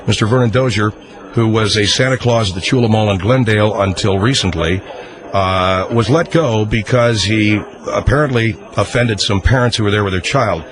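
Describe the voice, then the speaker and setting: A man's voice: lowish voice, normal speed. A male radio talk host questioning a caller, probing and skeptical, cutting in often. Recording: radio broadcast with crowd behind.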